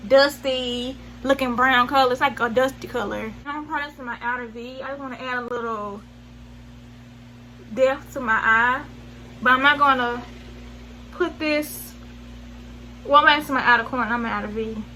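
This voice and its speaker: Bright, high Southern woman vlogger. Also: steady tone, fairly quick, slight background noise, low-quality recording. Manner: chatty, rambling, slangy, loses track mid-sentence. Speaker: beauty vlogger. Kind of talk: casual makeup tutorial.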